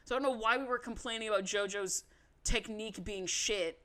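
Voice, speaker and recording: A woman's voice: medium pitch, fairly quick. A woman co-hosting a podcast, recapping a reality show in a casual, profane, sarcastic rant. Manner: profane, sarcastic, animated ranting. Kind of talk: casual chat.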